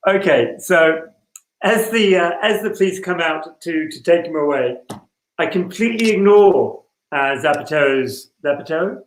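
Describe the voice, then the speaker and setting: Self-correcting man with an echoey sound. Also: on the high side. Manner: self-correcting, apologetic, quick to laugh. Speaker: tabletop game player. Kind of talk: casual role-play chat. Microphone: video call.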